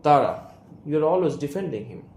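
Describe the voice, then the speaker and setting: A young man with an Indian English accent voicing a sharp, resentful young woman as he reads a play aloud, speaking her name and the stage directions too. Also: fairly high pitch, expressive, brisk, creaky. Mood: bitter. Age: young adult. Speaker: student reader. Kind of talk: reading an audio play aloud. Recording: roomy room, faint hiss.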